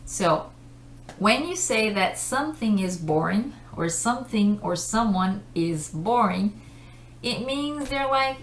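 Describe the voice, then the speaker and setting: A woman's voice: mid-range voice, expressive, slow pace, slight background noise. A woman teaching English vocabulary, explaining patiently with simple examples and checking in with "okay?". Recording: roomy echoey room.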